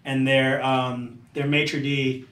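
A man of middle pitch tells his story loosely, scattering "like" fillers as a chef guest. His voice sits back from the mic in a roomy space, with faint background noise. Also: flat delivery, takes it slowly, a bit bright, far from the mic. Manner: loose, rambling, many "like" fillers. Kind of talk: casual storytelling.

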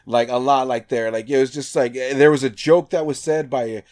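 This Nevada man tells a casual story at normal speed with a medium-pitched voice. He's animated, swears, and acts out quotes, leaning heavily on "like."

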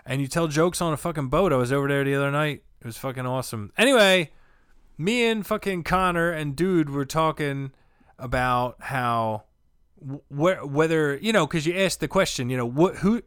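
A man's voice: on the high side, moderate pace, fairly bright tone, clean tone, no room sound, studio quality. A man, a comedian chatting loosely on a podcast, rambling and swearing often. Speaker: comedian guest. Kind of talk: casual podcast chat.

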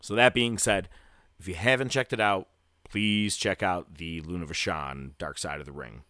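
Man, very low voice, casual podcast host, rambling storyteller, dry close sound. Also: steady tone, normal speed, smooth, dry recording. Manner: loose, rambling storytelling full of fillers; grows loud and hyped toward a segment tease. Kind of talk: casual chat.

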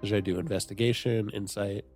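A man's voice: on the low side, fairly even intonation, brisk, darkish tone, faint music behind. A man playing a tabletop role-playing game, reacting eagerly and a little nervously to his dice rolls. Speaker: player.

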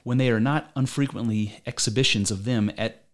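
Older male philosopher on trial, man reading, argumentative and probing, mid-pitched, amateur read. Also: steady tone, brisk, natural voice. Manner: argumentative, probing rhetorical questions. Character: aging male philosopher defending himself in court.

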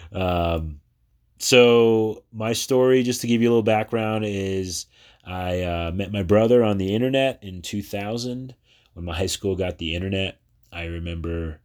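Alone on his own podcast, a New Jersey-born man in his thirties talks in a very deep voice. He's chatty and rambling in this casual personal monologue, frequently pausing on fillers and beginning sentences again.

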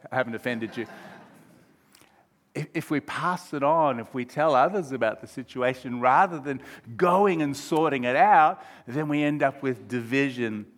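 Male pastor, sermon, slightly high voice, playful, calls out to the congregation. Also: fairly bright tone. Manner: humorous, engaging the congregation. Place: church.

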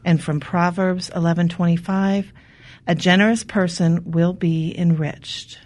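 A woman guest on a talk show, reading an inspirational devotional in a measured way with slow emphasis. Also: lowish voice, fairly even intonation, darkish tone.

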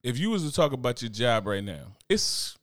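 A man's voice: mid-range voice, very animated, normal speed, fairly bright tone, no echo, studio quality. A man co-hosting a podcast in casual chat, blunt and profane, mimicking people for laughs. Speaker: podcast co-host.

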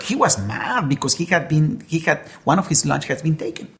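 A preacher delivering a sermon, weaving a story into the message. The voice is gravelly with a touch of fry, and the delivery is earnest, with frequent restarts as words are sought. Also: medium pitch, lively intonation, measured pace. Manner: earnest, repeats words while searching for them.

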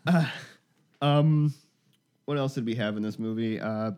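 Man, co-host, casual movie talk, relaxed rambling delivery, mid-pitched voice. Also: measured pace, smooth. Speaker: podcast co-host. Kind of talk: casual chat about movies.

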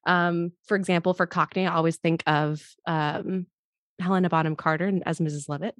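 A woman's voice: on the low side, steady tone, brisk, no room sound, clean studio sound. A woman guest on a podcast, an actress, chatting casually and often laughing as she explains. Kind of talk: casual interview chat.

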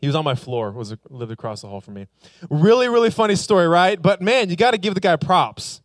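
A man's voice: high voice, expressive, a little fast, no echo. Young guy w/ a doing a chatty joking youth sermon, dry close sound. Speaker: youth pastor. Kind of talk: casual sermon.

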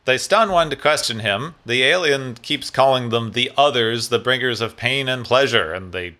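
Man, wry sarcastic recap, bright tone, casual chat, co-host. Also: medium pitch, normal speed. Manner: wry, sarcastic, plain summarizing. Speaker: podcast co-host.

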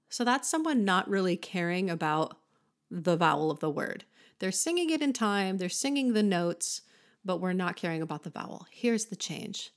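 A woman's voice: on the low side, animated, normal speed. A woman hosting a podcast singing lesson, explaining vowels patiently and breaking into short sung examples. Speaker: voice teacher and podcast host.

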